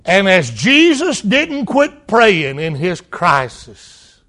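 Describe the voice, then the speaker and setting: A middle-aged man preaching a sermon, swinging from impassioned cries to hushed, quiet lines. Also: high-pitched, huge pitch swings, takes it slowly.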